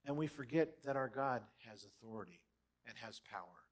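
A man preaching a sermon in a church hall, animated and dramatic, with big swings in loudness as he acts out quotes. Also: medium pitch, normal speed. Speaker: pastor.

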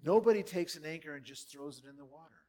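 A man with a fairly high voice preaches a sermon in a church hall. He is animated and dramatic, jumping between loud bursts and quiet asides. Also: quick pace. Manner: animated, dramatic quoting with big swings in loudness. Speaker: pastor.

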